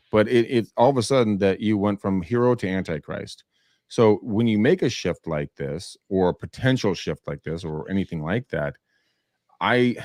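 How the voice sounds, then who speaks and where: A male podcast host with a somewhat low voice tells stories in an animated, loose way. He slips into quoted voices and swears casually. The sound is close and dry, with no room echo. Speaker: podcast host, real estate agent.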